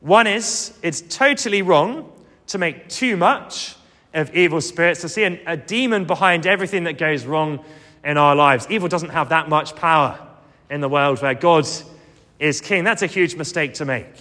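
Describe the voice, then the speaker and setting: A man's voice: fairly high pitch, normal speed, pushed and bright, in a large hall. A man preaching a sermon, earnest and emphatic, coming back to key phrases again and again.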